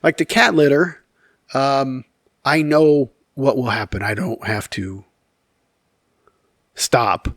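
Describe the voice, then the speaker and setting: A man's voice: medium pitch, slow pace, long pauses, a bit bright, no room sound, studio quality. A man telling a casual story to his channel's viewers, rambling and candid, with many fillers, self-corrections and wry, self-deprecating humor. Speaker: YouTube storyteller.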